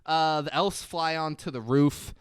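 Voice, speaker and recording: A podcast host in casual chat reviewing a movie, profane and animated, acting out scenes in quick voices. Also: male voice, a little high, smooth, dry recording, clean studio sound.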